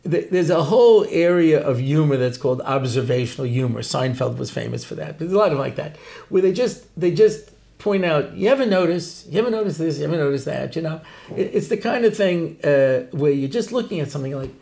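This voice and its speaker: A man's voice: a little high, brisk, vocal fry. A man, a rabbi and Torah teacher, telling stories in an interview with lots of jokes and laughter. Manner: joking, animated, laughs often. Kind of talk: humorous interview talk.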